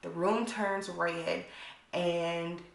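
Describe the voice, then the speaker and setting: A woman's voice: on the low side, fairly even intonation, extremely slow, creaky. A young woman casually recapping a TV episode for her channel, chatty and blunt, with frequent profanity and lots of "like". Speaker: YouTuber reviewing a TV episode. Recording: echoey room.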